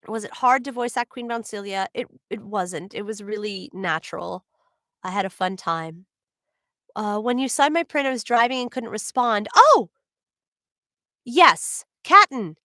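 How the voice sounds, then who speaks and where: Her voice sits on the high side, bright and forceful, captured at studio quality with no room sound. A New Jersey–accented voice actress hosting a signing stream, she chats casually with viewers, bubbly and laughing, with plenty of "like"s.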